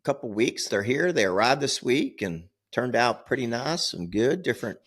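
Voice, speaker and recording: An older man hosting a casual podcast, telling animated stories and laughing often. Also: medium pitch, normal speed, breathy edge. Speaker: podcast host.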